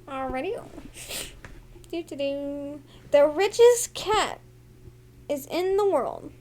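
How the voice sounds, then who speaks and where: High-voiced young woman, rambling and playful. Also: expressive, slow, mellow, slight background noise. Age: young adult. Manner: rambling, playful storytelling with swearing. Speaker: podcast co-host. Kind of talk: casual chat.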